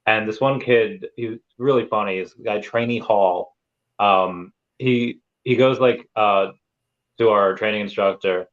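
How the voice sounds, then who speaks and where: A man in his thirties hosts a podcast of casual chat, telling rambling stories packed with fillers. His voice is on the low side and unhurried, and the recording has a muffled, lo-fi sound.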